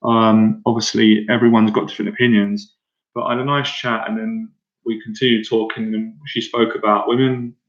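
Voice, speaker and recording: An Irish man in his thirties, a confidence coach talking casually to viewers on a livestream, excitable and rambling with lots of fillers and restarts. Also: fairly low pitch, normal speed. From Ireland. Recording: echoey room, dull lo-fi sound.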